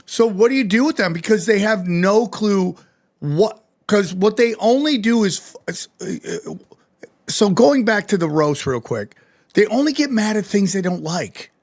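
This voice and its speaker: High-voiced man ranting on a podcast. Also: normal speed. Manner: animated, profane ranting. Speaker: podcast host. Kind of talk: casual podcast chat.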